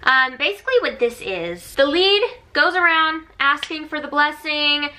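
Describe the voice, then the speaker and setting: A woman's voice: sits high, lively intonation, moderate pace, bright, forceful tone. A young adult woman giving a chatty, sarcastic recap of a reality show as a vlogger, full of mock enthusiasm. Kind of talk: casual sarcastic recap commentary.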